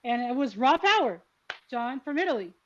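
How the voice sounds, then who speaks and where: Middle-aged woman hosting, lively storyteller. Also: high voice, normal speed, highs cut off, a little hiss or hum. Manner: lively storyteller, swears freely. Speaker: podcast host. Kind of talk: casual chat.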